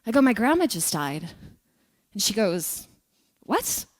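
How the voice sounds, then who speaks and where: A woman's voice: medium pitch, moderate pace. Woman telling stories from a church stage. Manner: lively storytelling, asks audience questions. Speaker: guest speaker. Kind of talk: spiritual talk with personal stories.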